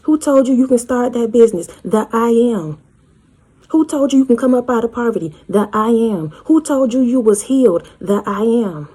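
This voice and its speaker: A woman's voice: fairly high pitch, expressive, normal speed, mellow, breathy edge. A woman preaching a fervent prophetic sermon, acting out voices from scripture. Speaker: online preacher.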